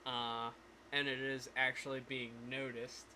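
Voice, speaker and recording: A man acting as game master on a live stream, thinking aloud with many pauses as he runs the scene. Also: medium pitch, little pitch movement, pushed and bright, a little hiss or hum.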